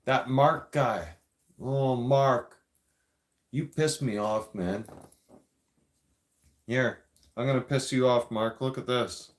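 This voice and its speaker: Slow-talking man ranting on a live stream. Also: medium pitch. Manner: confrontational, addresses viewers directly, rambling with restarts. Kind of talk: casual live-stream rant to viewers.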